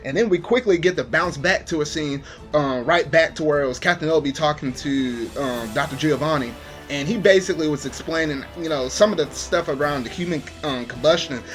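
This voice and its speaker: Man, casual anime review, rambling fillers, slightly high voice, soft background music. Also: brisk.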